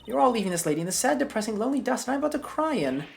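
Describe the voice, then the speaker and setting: A shrill old busybody lady from a courtroom game, as a woman reads her lines aloud, fussing and gushing in swooping, animated leaps. Her scolding bursts shoot far up in pitch. Soft game music sits faintly behind her. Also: rapid-fire, gravelly, heavily acted. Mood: fawning. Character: shrill meddling old woman, fawning, bossy.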